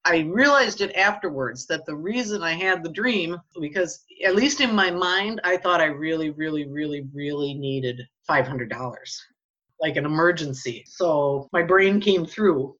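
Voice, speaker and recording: Animated woman telling a story, bright voice. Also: deep voice, a little slow, muffled recording. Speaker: guest telling a personal story. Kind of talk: casual storytelling.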